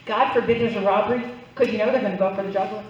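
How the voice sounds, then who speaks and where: A woman's voice: medium pitch, fairly even intonation, very fast. A middle-aged woman doing a playful stand-up set, chatting with the crowd and getting them to play along. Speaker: stand-up comedian. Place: club stage, live audience. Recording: roomy, distant, dull live recording.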